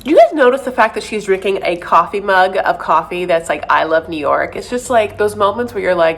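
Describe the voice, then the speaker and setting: A woman's voice: medium pitch, animated, fairly quick, few pauses, a bit bright. Sassy woman dishing TV gossip. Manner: sassy, gossipy, calls listeners "honey". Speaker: TV recap commentator. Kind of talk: casual recap commentary.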